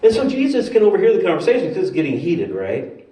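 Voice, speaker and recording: A male preacher telling a story in a sermon, in an animated, conversational way, in a church sanctuary. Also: sits high, fast. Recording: roomy hall from far off.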